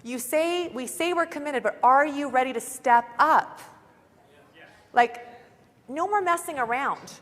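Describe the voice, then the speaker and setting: A woman's voice: high voice, expressive, a little slow, pauses often, fairly bright tone. A young woman giving an upbeat motivational talk at a conference, chatty and saying "like" often, recorded on a stage mic. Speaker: conference speaker. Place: large conference hall. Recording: long reverb of a large hall.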